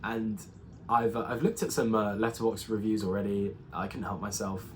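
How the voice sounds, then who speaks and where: A man's voice: fairly low pitch, steady tone, moderate pace, slight background noise. Rambling man reviewing a film. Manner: rambling, full of ums and restarts. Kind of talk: casual spoken review.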